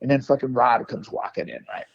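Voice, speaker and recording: A male musician telling stories in an interview, animated and profane, rambling with restarts, on a dull lo-fi recording. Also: mid-range voice, brisk, no echo. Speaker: guest musician and producer. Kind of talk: casual storytelling interview. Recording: dull lo-fi dry sound.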